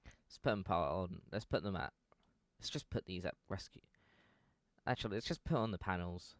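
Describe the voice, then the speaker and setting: A man's voice: sits low, normal speed, long pauses, no room sound, studio quality. A young man giving casual fan commentary, rambling and correcting himself with lots of fillers.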